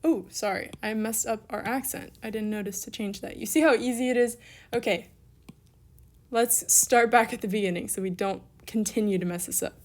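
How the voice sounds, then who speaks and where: A woman's voice: fairly high pitch, moderate pace, darkish tone. Upbeat young woman teaching a lesson. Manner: upbeat, encouraging, talks through worked examples; self-correcting, casual asides. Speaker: Greek language teacher. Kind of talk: recorded online lesson.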